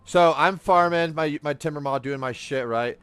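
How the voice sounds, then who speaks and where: Gamer dude ranting and cursing, kinda high voice, dry close sound. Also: male voice, normal speed, clear, resonant tone, no echo. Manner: profane, animated storytelling. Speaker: streamer and podcast host. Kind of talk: casual gaming chat while playing.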